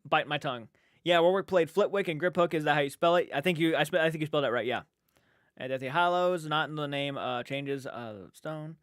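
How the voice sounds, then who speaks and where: A man's voice: a little high, a little fast, a bit bright, no room sound, studio quality. A young man hosting a casual late-night livestream, reading chat aloud in a sleepy, yawning, rambling way with restarts. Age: young adult.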